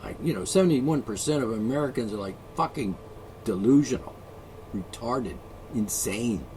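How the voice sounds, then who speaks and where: A man's voice: mid-range voice, animated, normal speed, mellow, a little hiss or hum. A man vlogging an angry solo rant, profane, sarcastic and mocking.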